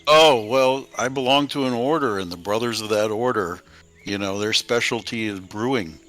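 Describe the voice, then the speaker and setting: A man's voice: fairly low pitch, normal speed, a bit bright, soft background music. A man playing a tabletop game, speaking politely and hesitantly in character. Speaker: player. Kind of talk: in-character role-play.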